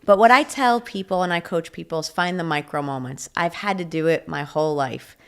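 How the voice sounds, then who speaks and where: A woman's voice: deep voice, fairly quick, clean tone. A middle-aged woman, a leadership coach, telling stories in a podcast interview with lots of energy and acted-out quotes. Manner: energetic, animated storyteller who acts out quotes.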